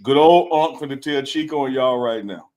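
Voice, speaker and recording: A man co-hosts a live sports talk stream, debating casually, teasing his partner, and repeating points for emphasis. His voice is medium-pitched and somewhat dark, at a normal speed, picked up through a live stream setup.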